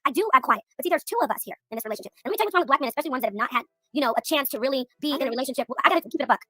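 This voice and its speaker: A woman in a heated livestream argument, her voice high and her words tumbling out at breakneck speed. She curses freely and pushes past interruptions. The sound is dry and close, with faint music underneath. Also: lively intonation, sharp tone, no room sound. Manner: rapid, profane, indignant, talks over others. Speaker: livestream panel guest.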